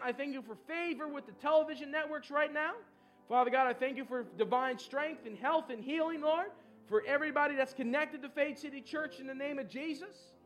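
A male pastor leading a charismatic church service, praying fervently and urging the congregation with shouts and laughter. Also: extremely high pitch.

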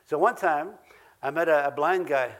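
A man's voice: a little high, moderate pace, a bit bright. A man with an Ojibwe accent preaching a sermon, earnest and repeating key phrases for emphasis, with chuckles between points.

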